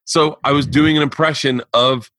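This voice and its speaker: A man in his forties hosting a casual podcast and telling stories in an animated, rambling, profane way. His voice is mid-pitched and he is recorded dry and close on the mic. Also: moderate pace, no room sound. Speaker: podcast host. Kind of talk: casual chat.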